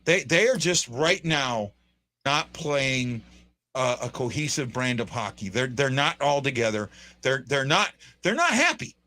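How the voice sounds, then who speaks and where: A man's voice: medium pitch, unhurried. A man hosting a fan show, giving casual, rambling live hockey commentary with lots of restarts. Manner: excitable, rambling, frequent restarts and fillers. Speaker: fan podcast host.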